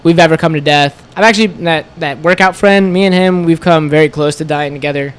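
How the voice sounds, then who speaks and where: A man's voice: on the high side, brisk, smooth. A man, a podcast guest telling a road-trip story in casual chat, acting out what everyone said and leaning on "like" a lot. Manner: animated, acts out quoted voices, lots of "like". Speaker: podcast guest, store co-owner.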